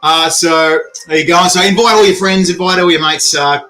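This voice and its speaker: A man's voice: on the high side, steady tone, moderate pace, pushed and bright. An Australian man hosting a hot sauce review show, chatting casually, cracking jokes and laughing often. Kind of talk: casual chat.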